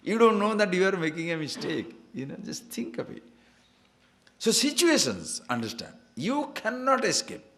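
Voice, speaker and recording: A man's voice: sits high, moderate pace. A man giving a spiritual discourse, telling stories and laughing at them, asking listeners to see and understand. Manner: animated, laughs at his own stories. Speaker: spiritual teacher.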